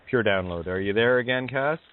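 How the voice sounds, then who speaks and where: A man's voice: mid-range voice, a little fast, a little hiss or hum. A man hosting a call-in radio show, talking casually to the audience and a caller over tinny, dry sound. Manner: casual, soothing asides to the audience. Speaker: radio host.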